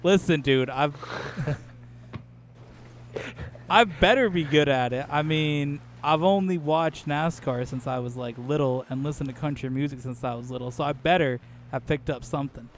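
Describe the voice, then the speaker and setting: A man's voice: fairly high pitch, normal speed, slight background noise. A man chatting casually while gaming, teasing his friend and laughing often. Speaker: gamer.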